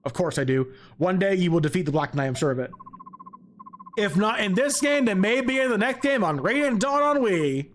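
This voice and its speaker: A man reading a calm, earnest young princess's game dialogue aloud in a low, steady voice. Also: moderate pace, a little hiss or hum.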